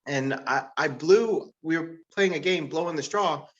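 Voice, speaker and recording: Lo-fi stand-up comic, chuckling and rambling. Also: male voice, measured pace, a bit bright. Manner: laughs at his own jokes, loose and rambling with many fillers; jumps to a much higher pitch to act out quoted people. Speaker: stand-up comedian. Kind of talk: live-streamed stand-up comedy.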